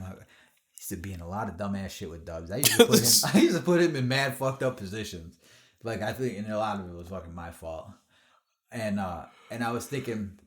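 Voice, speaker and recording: A man in his thirties hosting a podcast, telling profane stories in casual chat and acting out the voices in them. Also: lowish voice. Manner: profane, animated storyteller who acts out quotes. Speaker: podcast host.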